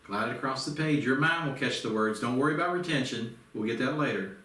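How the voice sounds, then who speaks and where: A man teaching a speed reading lesson, giving an energetic coach-like pep talk and counting aloud. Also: mid-range voice, fast talker. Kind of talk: motivational lesson. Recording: roomy, distant from the mic.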